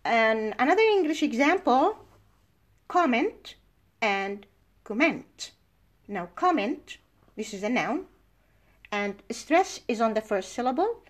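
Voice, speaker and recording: A middle-aged woman whose first language is Arabic, giving a university lecture and explaining language points through slow worked examples. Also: on the high side, very animated. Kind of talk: recorded lecture.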